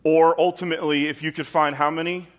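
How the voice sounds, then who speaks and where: A man's voice: a little high, level tone, fairly quick, soft background music. A man preaching a sermon in a conversational style, with emphatic asides to the congregation. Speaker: pastor. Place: church with kids in the room.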